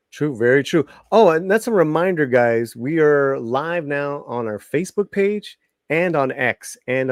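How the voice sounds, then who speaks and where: A chatty man hosting a live-streamed talk show, often repeating himself and laughing easily. His voice sits at a middle pitch and sounds close and dry, with no room sound around it. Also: no echo. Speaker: host.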